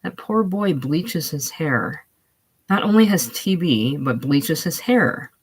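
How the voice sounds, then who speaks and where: A reader voicing a frightened, breathless former showgirl in a casual play reading, raised and pleading with a husky tone. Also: mid-range voice, lively intonation, takes it slowly, heavily acted. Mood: anxious.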